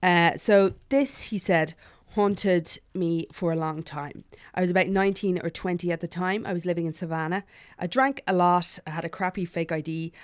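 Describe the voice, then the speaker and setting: A woman hosting a chatty podcast, reacting quickly and swearing freely as she tells a story. Her delivery is animated and casual. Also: fairly low pitch, clean tone. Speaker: podcast host.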